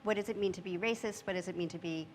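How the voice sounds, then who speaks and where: A woman speaking as a panelist in a thoughtful, measured way with frequent fillers. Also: fairly low pitch. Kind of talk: panel discussion talk. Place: church hall. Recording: long hall reverb, faint noise.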